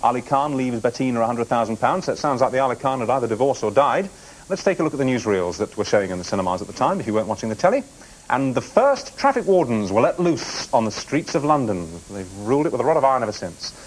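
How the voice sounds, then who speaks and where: A man's voice: medium pitch, sing-song, fast talker, rough recording. A man hosting a TV quiz show in a studio, bantering and teasing the contestants between questions. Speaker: game show host.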